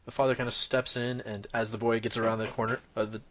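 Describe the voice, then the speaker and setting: A man's voice: medium pitch, little pitch movement, fast talker, a bit bright, slight background noise. A man narrating as game master in a tabletop game, with a rambling, loose delivery. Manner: rambling, full of fillers and restarts.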